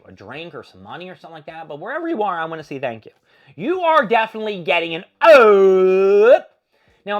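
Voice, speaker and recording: A young adult man hosting his own show, telling a story in a casual, animated way, swearing and acting out his own panicked shouts. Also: on the high side. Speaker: podcast host.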